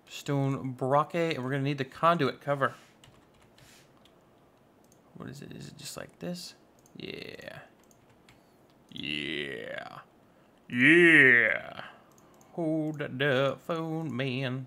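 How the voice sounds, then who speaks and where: Sex: man. Role: gaming host. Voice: gravelly, playful. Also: a little high, fairly bright tone. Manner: playful, goofy, self-mocking. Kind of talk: casual let's-play commentary.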